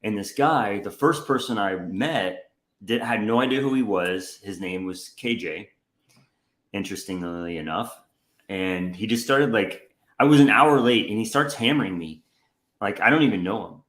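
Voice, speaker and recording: A young man co-hosting a casual chat, telling a story with lively acted-out quotes. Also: moderate pace, echoey room. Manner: animated storyteller who acts out quotes with a jumpy pitch. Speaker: podcast co-host.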